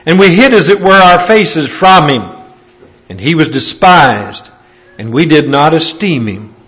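A male preacher delivering a sermon, reading scripture aloud in a measured, emphatic way. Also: fairly high pitch, a bit bright.

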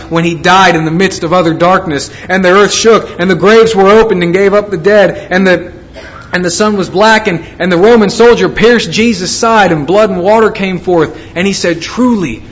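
A man's voice: high-pitched, fairly even intonation, moderate pace, poor audio. A man preaching a sermon, reading scripture and retelling it in an earnest, emphatic way.

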